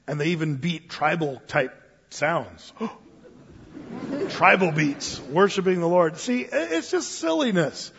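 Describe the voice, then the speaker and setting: A man preaching a sermon in a church, telling stories with animated delivery and acting out the voices of others. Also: high voice, slightly rough, long reverb tail, lo-fi sound. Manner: animated storytelling, acts out quoted voices. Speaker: pastor.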